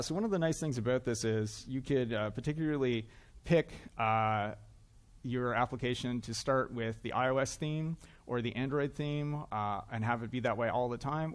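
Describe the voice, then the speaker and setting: A man giving a conference talk on stage, chatty and self-deprecating, with frequent uhs. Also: mid-range voice. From Canada. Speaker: conference speaker. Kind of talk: joking tech conference talk. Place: conference hall, live audience.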